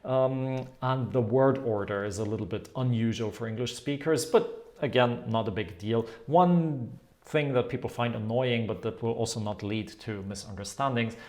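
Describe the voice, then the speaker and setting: A man teaching in an explanatory video lesson, demonstrating sounds and tones in a lively way. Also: medium pitch, normal speed. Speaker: language teacher.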